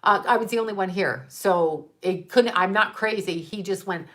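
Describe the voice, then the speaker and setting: A woman's voice: mid-range voice, moderate pace, fairly bright tone. A middle-aged woman talks casually to viewers as a psychic medium. She is blunt and profane, laughing easily between her points. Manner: candid, profane, laughs often. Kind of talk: casual livestream chat with viewers.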